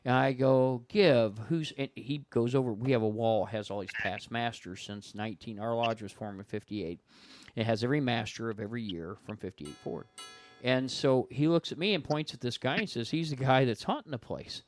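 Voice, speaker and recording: A man's voice: medium pitch, normal speed, soft background music. A man, a guest paranormal investigator and author, telling stories in casual chat and acting out the voices of the people he quotes. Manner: animated storyteller who acts out quoted voices.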